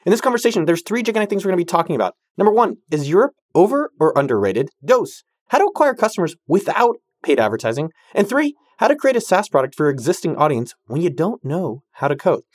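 Hyped, fast-talking male podcast host. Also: high voice, big pitch swings, dry recording, studio quality. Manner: jokey and slangy, full of banter. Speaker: podcast host answering listener questions. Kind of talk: casual, hyped Q&A talk.

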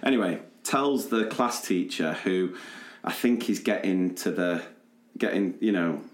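Guy with a low voice spinning a school yarn on a podcast, roomy echo. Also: a little slow. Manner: animated anecdote-telling with laughter and quoted voices. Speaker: podcast co-host. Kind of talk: casual storytelling chat.

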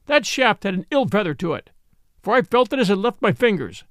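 A man's voice: high voice, sing-song, brisk, no room sound, clean studio sound. A man reading the lines of a merry, proud outlaw leader in a storybook, in a declaiming manner. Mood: bold.

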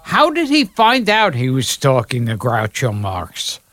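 A man's voice: mid-range voice, huge pitch swings, measured pace, fairly bright tone, no echo. A male podcast host asking short questions and reading an announcement before a break. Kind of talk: podcast chat and show announcement.

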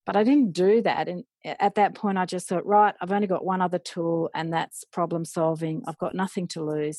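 A middle-aged woman, a parent educator, telling stories in an animated way and acting out remembered dialogue. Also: fairly low pitch, moderate pace, few pauses, dry recording. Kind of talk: storytelling in a podcast interview.

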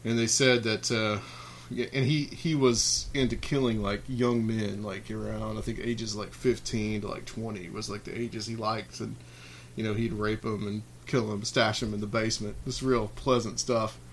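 There's a slight hiss or hum behind this lowish male voice, delivered flatly at a moderate pace. As a podcast host, he reads off creepy clown stories from a list before slipping into loose, filler-heavy talk with frequent restarts.

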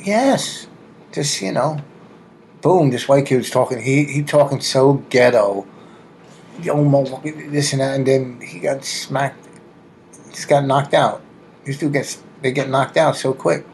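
A man co-hosts a comedy podcast and talks loosely in slang. He punctuates his talk with loud exclamations. Faint room noise sits behind him. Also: medium pitch, a little slow, gravelly, low-quality recording. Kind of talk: casual comedic chat.

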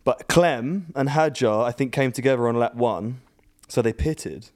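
Laid-back guy co-hosting, mid-pitched voice, jokey and a bit scattered. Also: unhurried, a little mellow. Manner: joking, offhand, trails off. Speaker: podcast co-host. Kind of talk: casual chat.

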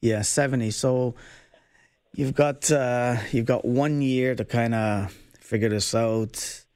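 A man's voice: medium pitch, fairly even intonation, takes it slowly, a little mellow, clean tone, no echo. A middle-aged man giving financial advice on call-in radio, casual and hedging, often ending with "right?". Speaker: financial advisor guest. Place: radio studio.

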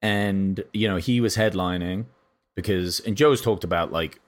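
A man co-hosting a podcast, telling rambling, animated comedy stories in casual chat. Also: low-pitched, normal speed.

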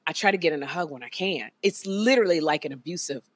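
A woman in her forties, a talk show co-host, telling stories in a dramatic, animated way in casual chat. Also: sits low, fast, dry recording. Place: TV studio.

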